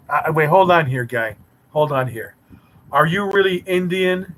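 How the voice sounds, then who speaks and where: A man's voice: fairly high pitch, animated, unhurried, fairly bright tone, slight background noise, low-quality recording. A man hosting a casual live stream, teasing and bantering sarcastically with his chat viewers.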